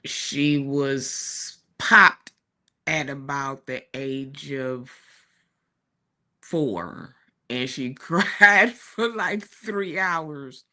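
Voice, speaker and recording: Woman talk show co-host, forties, slow chatty storyteller, bright voice. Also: sits low. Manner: chatty, warm storytelling with laughs and asides. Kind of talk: casual chat. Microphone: streaming studio mic.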